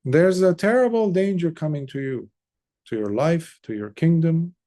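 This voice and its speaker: A man voicing scheming court priests who flatter and coax their king. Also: a little high, moderate pace, voice pushed up, lightly acted. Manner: smooth, coaxing, ingratiating.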